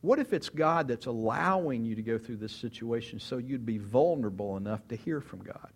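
A man's voice: medium pitch, lively intonation, brisk, husky. A man preaching a sermon, telling stories with animation, asking rhetorical questions and acting out quotes. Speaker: pastor.

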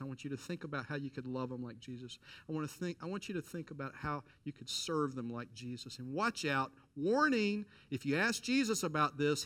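A middle-aged man preaching a sermon, telling a personal story with lively quoted voices and direct appeals to listeners. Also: medium pitch. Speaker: pastor.

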